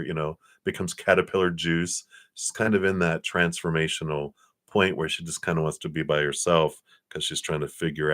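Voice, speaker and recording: A deep, low-voiced man reads tarot cards on a live stream. He speaks gently and reassuringly, wandering through his thoughts with fillers and restarts. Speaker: tarot reader.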